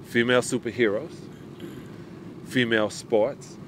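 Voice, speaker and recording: Animated middle-aged man telling stories. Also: medium pitch, unhurried, background noise. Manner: animated storyteller, acts out quotes. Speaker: podcast guest. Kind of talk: casual chat.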